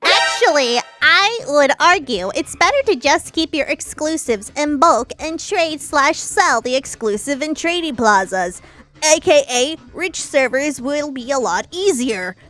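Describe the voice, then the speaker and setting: Woman doing a squeaky know-it-all nerd, lectures at length. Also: lively intonation, measured pace, a bit bright, faint music behind. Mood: lecturing. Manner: lecturing, explanatory reading of a long comment. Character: know-it-all nerdy young commenter, male or female unstated. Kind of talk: reading a viewer comment in a put-on voice.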